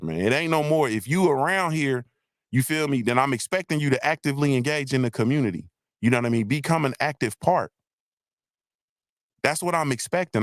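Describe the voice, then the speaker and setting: A man's voice: fairly high pitch, no room sound, studio quality. A man hosting a livestream, ranting bluntly and with heavy profanity, often checking in with "you feel me.". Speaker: livestream host. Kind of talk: casual livestream rant.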